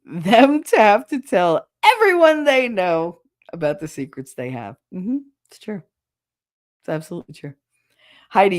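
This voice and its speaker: A woman host chatting casually and bluntly with viewers, swearing freely, her throat raw and hoarse. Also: sits low. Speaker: show host reading viewer comments. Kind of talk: casual solo livestream chat.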